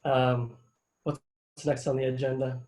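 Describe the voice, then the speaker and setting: A young man, a student government vice president, giving a halting, informal farewell speech with many fillers over a video call. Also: medium pitch, little pitch movement, darkish tone, roomy sound, poor audio. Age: young adult.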